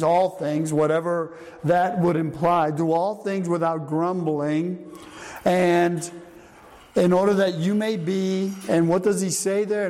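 A man's voice: on the high side, warm tone. An older man preaching a sermon in a conversational way, often asking the congregation questions. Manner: conversational, asks the room questions. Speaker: pastor. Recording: long reverb in a hall, faint noise.

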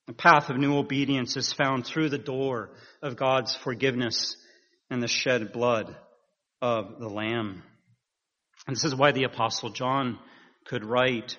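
A man preaching a sermon in a measured, earnest way, rising with emphasis at key points. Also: medium pitch, fairly even intonation, sharp tone. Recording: dull sound in a reverberant hall.

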